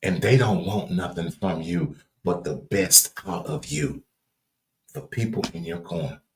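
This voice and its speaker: A deep-voiced man with a Southern drawl talks like a preacher on his livestream. His cadence is folksy and repetitive, and he leans hard on his words. The sound carries a noticeable room echo. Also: animated, unhurried, darkish tone, slight background noise. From Louisiana. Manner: emphatic and earnest, builds to raised emphasis. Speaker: livestream host. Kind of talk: preachy motivational talk.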